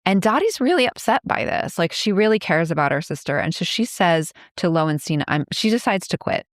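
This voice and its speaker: A woman in her fifties talks through a film's plot in loose, chatty podcast style, full of "like" and quick laughs. Her voice sits a little low. The sound is dry and close, with no room behind it. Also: sing-song, dry recording. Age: 50s. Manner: chatty, many likes, laughs while retelling scenes. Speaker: podcast co-host. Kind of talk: casual movie recap chat.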